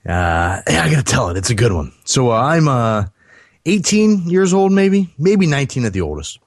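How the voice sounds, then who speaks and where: A man's voice: mid-range voice, big pitch swings, normal speed, dry recording, clean studio sound. A man telling a long personal story on a podcast, rambling with many fillers and restarts. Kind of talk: casual storytelling.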